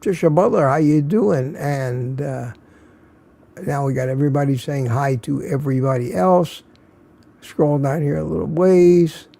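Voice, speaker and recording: A man's voice: fairly high pitch, measured pace, gravelly, warm tone. An older man hosting a casual live stream, tired and a little slurred, greeting viewers by name and chuckling often. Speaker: livestream host.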